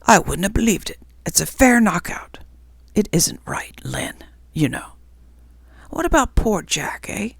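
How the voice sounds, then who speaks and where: A woman's voice: medium pitch, sing-song, unhurried, creaky, husky, no echo, pitched above the performer's own voice, full character voice. A woman voicing a coarse, resentful male ghost in whispered role-play, grumbling and self-righteous. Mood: aggrieved.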